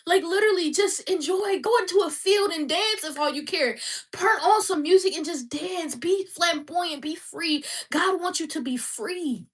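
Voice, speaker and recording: Passionate high-voiced woman preaching. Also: moderate pace, recorded from a distance. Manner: passionate, preachy, repetitive exhortations. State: crying. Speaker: vlogger. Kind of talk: emotional faith-based monologue.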